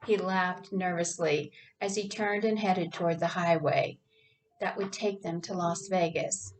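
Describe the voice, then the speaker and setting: A woman author reading her own novel aloud in a plain, unhurried way with small slips. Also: medium pitch, distant mic, slight background noise, poor audio.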